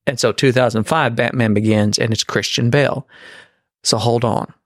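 A man co-hosts a podcast, chatting casually in a medium-pitched, fairly even voice at normal speed. He rambles and restarts while laying out a theory, and the recording is dry with clean studio sound.

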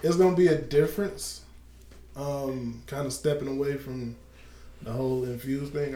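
A man co-hosting a podcast in casual chat, a playful, excitable hype man. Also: mid-range voice, normal speed, roomy sound, slight background noise. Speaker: podcast co-host and chef.

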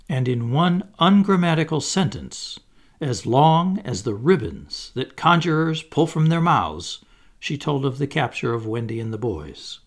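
Guy reading a storybook aloud, expressive, lively pitch, dramatic pauses. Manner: expressive, dramatic, slows for suspense. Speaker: audiobook reader. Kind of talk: scripted storybook narration.

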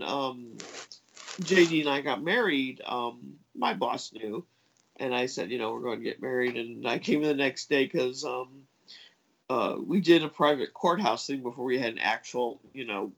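A woman telling a long personal story in casual chat, hesitant and full of fillers and restarts, jumping up in pitch when she acts out what others said. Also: moderate pace, gravelly, low-quality recording. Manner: acts out quoted voices with big pitch jumps.

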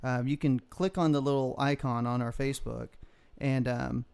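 A man's voice: medium pitch, fairly even intonation, normal speed, gravelly, a little mellow, clear, resonant tone. A man hosting a podcast, talking loosely with lots of swearing. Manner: profane, loose, promo-reading. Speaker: podcast host. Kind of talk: casual banter.

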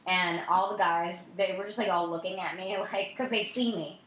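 A woman's voice: lowish voice, normal speed, a crowd in the background. Rambling woman in an echoey room. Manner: rambling storyteller, animated, giggly. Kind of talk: casual chat.

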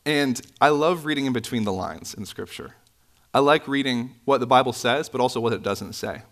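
A man preaching a sermon in a church, conversational with asides and self-corrections, his pitch jumping up when he stresses a point. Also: normal speed. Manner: animated, pitch swinging up for emphasis. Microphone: microphone, sometimes bumped.

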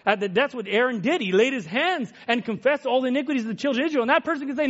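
Male preacher, high raspy voice, impassioned sermon delivery with big loud-to-hushed swings, muffled recording. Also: racing. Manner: emotional, swings from loud exclamations to hushed near-whispers.

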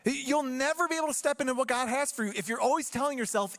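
A man preaching a sermon in church, telling the story with humor and acting out quick asides. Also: extremely high pitch, a bit bright. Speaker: pastor.

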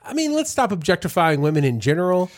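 A man's voice: high voice, very animated, fast. Joking, candid man in casual chat. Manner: candid, joking, tells anecdotes. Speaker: pastor and podcast co-host.

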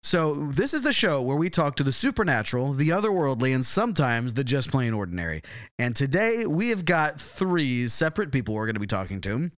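A man's voice: mid-range voice, big pitch swings, a little fast, a bit bright, no room sound, clean studio sound. A man co-hosting an improvised comedy podcast, playful and teasing, sometimes breaking into sing-song. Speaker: podcast co-host.

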